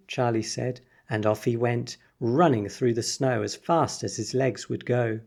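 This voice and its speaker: A man reading a children's story aloud for English learners in an expressive, unhurried way. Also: mid-range voice, creaky. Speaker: story reader.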